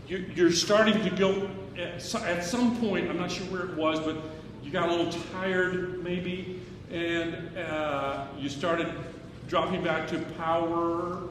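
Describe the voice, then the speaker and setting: There's a bit of hiss or hum as a high-voiced choir director works through rehearsal in a room or hall. Between jokes and fussing, he sings snippets to model what he wants, amid echo and faint choir music.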